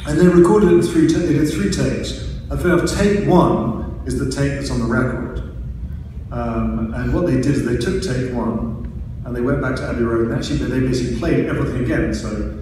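An Englishman talks to a live audience in a halting, wry way, stopping and restarting his sentences often. He sounds far from the microphone, in a room with long ringing reverb. A clear hiss runs under his voice. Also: mid-range voice. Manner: halting, many restarts and fillers, wry humor. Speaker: record producer presenting a remix. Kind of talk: casual talk to an audience.

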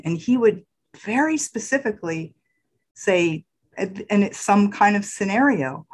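A middle-aged woman telling personal stories in a casual interview, soft-spoken and trailing off at times, with lively jumps when she acts out what people said. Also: a little slow, slightly rough, poor audio. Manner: animated, acts out quotes with big pitch jumps. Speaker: guest sharing her spiritual path.

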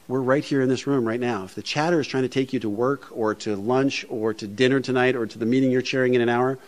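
A man speaking to a recovery meeting in a plainspoken, humorous, conversational way, often saying "you know". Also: medium pitch. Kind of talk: speech to a meeting. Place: meeting room before an audience.

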